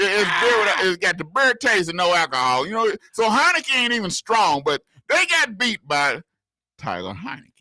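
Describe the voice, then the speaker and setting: A man co-hosting a sports talk radio show, talking casually and excitedly, often repeating words. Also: high-pitched, dry recording. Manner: animated, laughing, repeats words, southern US slang.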